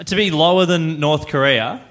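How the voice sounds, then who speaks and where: A man on a live comedy panel, deadpan and self-mocking, on stage before an audience. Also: on the high side, normal speed.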